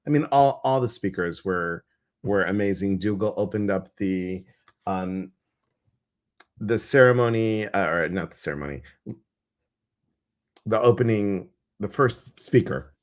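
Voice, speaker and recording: A man's voice: lowish voice, unhurried, long pauses. A man with a Chicago accent hosting a casual live stream as a psychic medium, playful and rambling with many fillers.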